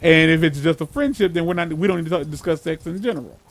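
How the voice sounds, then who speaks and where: A man's voice: fairly high pitch, quick pace, a little hiss or hum. A man co-hosting a gaming video in casual chat, blunt and offhand. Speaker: gaming channel co-host. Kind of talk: casual chat over gameplay.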